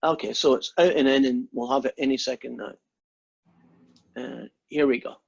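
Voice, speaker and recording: Chatty math teacher guy on a video call, husky voice, lots of ums, muffled lo-fi audio. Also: medium pitch, steady tone, moderate pace. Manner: chatty, joking, with many fillers and restarts. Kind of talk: casual online lecture. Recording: dull lo-fi online call audio.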